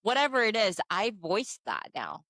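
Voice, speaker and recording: A woman's voice: mid-range voice, wildly swooping pitch, normal speed, bright, forceful tone, no room sound. A woman in her forties co-hosting a podcast, talking candidly and animatedly, telling stories with frequent "I'm like" asides. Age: 40s. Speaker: podcast co-host. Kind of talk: candid casual chat.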